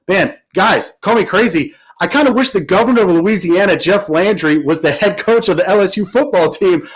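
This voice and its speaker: A man co-hosting a podcast, telling a sports story in an animated, emphatic way. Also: sits high, rough recording. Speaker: podcast co-host. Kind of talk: casual sports talk.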